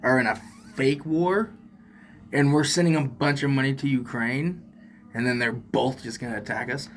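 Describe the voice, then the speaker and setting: A man's voice: mid-range voice, fairly even intonation, normal speed, a little hiss or hum. A man co-hosting a podcast in playful, goofy banter. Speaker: podcast co-host.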